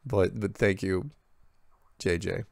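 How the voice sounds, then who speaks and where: Low gravelly man reading viewer emails. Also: dry recording. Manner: halting, with frequent restarts. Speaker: host answering viewer emails. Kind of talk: casual reading and commentary.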